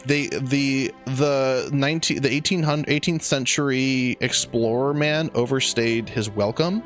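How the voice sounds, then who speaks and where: A young man improvising a silly story on a podcast, rambling and excitable with plenty of swearing. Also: mid-range voice, unhurried, faint music behind. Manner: rambling, excitable, swears a lot, many restarts.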